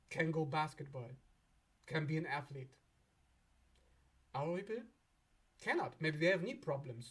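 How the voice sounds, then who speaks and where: A man hosting an astrology video in a casual, animated way, often laughing and acting out imagined back-and-forth voices. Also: a little high, breathy edge.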